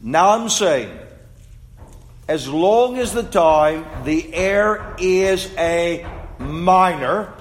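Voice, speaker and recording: Male pastor, high voice, unhurried, measured sermon delivery. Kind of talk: sermon with scripture reading. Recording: long reverb of a large hall.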